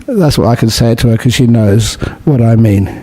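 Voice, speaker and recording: A Buddhist monk giving a relaxed dharma talk at a city meditation centre, teaching gently and mixing in humorous stories. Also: male voice, mid-range voice, normal speed. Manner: humorous, storytelling with jokes.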